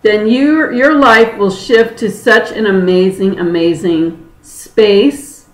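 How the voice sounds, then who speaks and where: Lady spiritual teacher on a webinar, chatty and earnest, quick to laugh, kinda roomy echo. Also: mid-range voice. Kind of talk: informal spoken teaching. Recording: roomy echoey sound.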